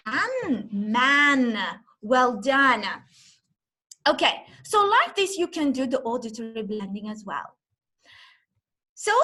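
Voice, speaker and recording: A high-voiced woman leads an online teaching demo over a video call, her pitch leaping up and down in a sing-song classroom way. She takes her time, drawing out each letter sound, and her tone stays bright and clear. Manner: slow, exaggerated classroom talk, sounding out letters. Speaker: teacher trainer.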